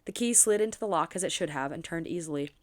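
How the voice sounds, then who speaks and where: A woman reading a romance novel aloud for her book channel, expressive and dropping in quick asides of her own. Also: on the low side.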